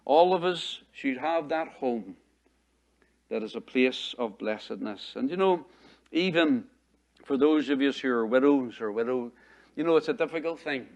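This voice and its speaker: A man's voice: mid-range voice, expressive, moderate pace, darkish tone. A middle-aged man, preaching a sermon as pastor in a conversational way, repeating phrases and asking the congregation rhetorical questions.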